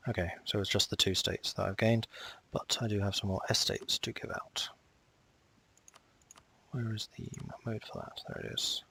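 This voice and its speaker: A man with a fairly low voice talks his way through a strategy game in a casual, self-directed way. He mutters asides, chides the game's units and drops to near whispers, with mouse clicks behind him. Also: lively intonation, normal speed, gravelly, pushed and bright, breathy edge, dry recording. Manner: muttering to himself, talking at the game. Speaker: strategy game let's player. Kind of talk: casual gameplay commentary.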